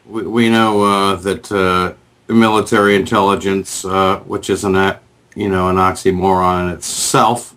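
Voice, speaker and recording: A man with a fairly low voice hosts a casual call-in chat. He breaks in on his guest and asks his questions slowly, padding them with fillers. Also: level tone, a bit bright. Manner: interrupting, filler-heavy questions. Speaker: host.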